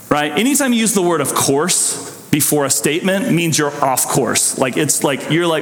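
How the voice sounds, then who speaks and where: Pastor guy preaching in a big echoey church, chatty and animated, lots of restarts. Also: on the high side, moderate pace. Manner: conversational, animated, with many restarts and asides. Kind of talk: sermon. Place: church sanctuary. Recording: echoey hall.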